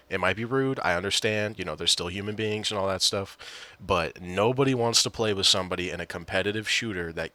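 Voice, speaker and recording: A man's voice: sits low, sharp tone, no room sound. A man telling a gaming story in a casual, exasperated rant, often swearing and replaying what others said. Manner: exasperated, profane, retells quotes.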